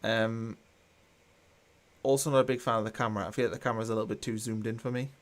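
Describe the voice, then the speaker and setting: A man's voice: fairly low pitch, steady tone, fast. A man hosting a live football watchalong, chatting casually and reading out viewer comments with a dry, mildly sarcastic tone. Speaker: watchalong host.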